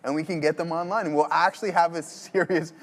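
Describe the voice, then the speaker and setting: A man co-hosting a live trading show, bantering playfully in slangy talk full of quick restarts. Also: fairly high pitch, steady tone. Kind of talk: casual banter.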